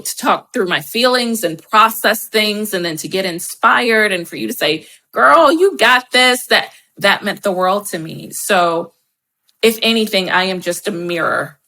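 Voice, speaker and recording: Bright effusive woman on a podcast, laughs a lot, casual chat. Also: medium pitch, creaky. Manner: effusive and animated, laughs often. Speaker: podcast guest, wedding professional and speaker.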